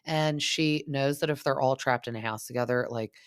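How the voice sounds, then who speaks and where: A woman's voice: extremely low pitch, normal speed, smooth, no echo, clean studio sound. A woman hosting a casual reality-TV recap podcast, gossipy and chatty, full of "like" and "um". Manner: gossipy, frequent "like" and "um", mimics cast members.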